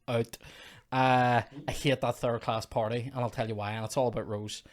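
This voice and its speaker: A man's voice: mid-range voice, little pitch movement, moderate pace. A man hosting a comedy podcast, ranting in mock outrage and casual chat about a film.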